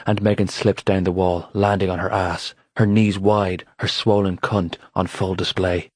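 A man narrating an audiobook in a steady, unhurried reading voice. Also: low voice, breathy edge, dry recording. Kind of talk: scripted narration.

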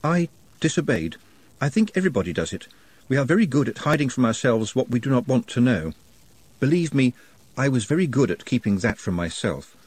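A man doing a polite, quietly formal orc, measured and precise, voice a touch husky and lively in pitch, recorded dry and close. He sounds like a scholar more than a monster. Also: no echo. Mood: calm formal. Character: calm, formal, overly polite orc, young male.

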